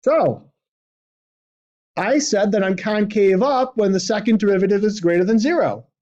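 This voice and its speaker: A man's voice: high voice, normal speed, a little mellow. A male math teacher lecturing a class, constantly checking in with questions like "right?". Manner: questioning, prompts students with "right?". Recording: dull lo-fi classroom recording.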